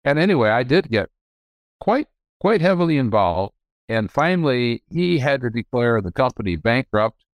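A man's voice: mid-range voice, sing-song, moderate pace, dry recording. An older businessman, a podcast guest, telling frank, rambling stories about his family business and often restarting his sentences. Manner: rambling, self-correcting, frank. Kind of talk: candid storytelling.

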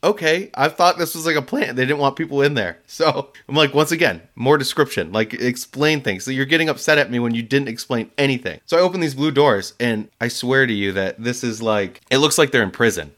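A man's voice: mid-range voice, brisk, hardly any pauses. A man casually telling a story about a delivery, laughing often and acting out the people he quotes. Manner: animated, laughs often, acts out voices in quotes.

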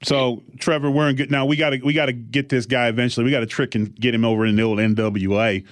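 A man hosting a podcast, a pro wrestler who tells stories in a casual, animated way and slips into quoted voices. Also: medium pitch, fast, dry recording, studio quality. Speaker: podcast host. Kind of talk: casual storytelling chat.

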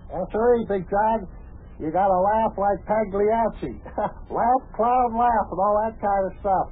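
A man's voice: sits high, a little slow, husky. An actor playing a long-winded, chuckling male pal who rambles through folksy tall tales, on an old radio show. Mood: cheery. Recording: tinny old radio broadcast.

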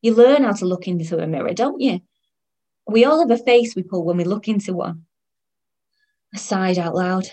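A woman's voice: medium pitch, expressive, moderate pace, pauses often, dark tone. Wry woman narrating. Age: 30s. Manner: wry, weary and sardonic. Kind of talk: first-person audio drama narration.

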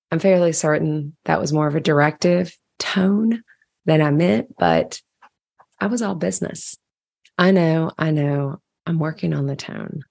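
Brief: a deep woman's voice with some fry, reading her own diary entry candidly, dry close sound. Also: slow pace, darkish tone, no echo. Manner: candid, reflective storytelling. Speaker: caregiver sharing a diary entry. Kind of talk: personal diary narration.

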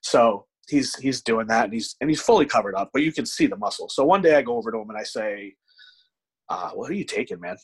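A man in his thirties telling a gym story in casual chat, animated, swearing often and acting out what people said. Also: medium pitch, fast talker, slightly rough, poor audio. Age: 30s. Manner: animated storyteller, frequent profanity, acts out quotes.

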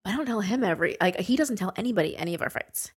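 A woman's voice: mid-range voice, expressive, very fast, slightly rough. A young woman co-hosting a podcast in casual chat, agreeing readily and swearing for emphasis. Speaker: podcast co-host.

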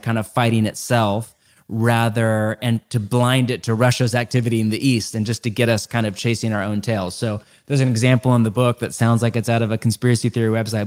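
A middle-aged man, a guest author in a podcast interview, explaining ideas earnestly and stacking them in quick lists. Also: mid-range voice.

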